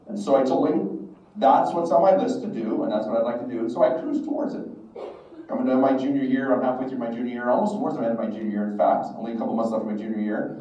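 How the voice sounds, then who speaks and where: A man's voice: medium pitch, fast talker, mellow. Man telling a story in an echoey room. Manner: storytelling, acting out the dialogue. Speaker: religious instructor. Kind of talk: devotional talk with personal story. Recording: echoey, distant, dull room recording.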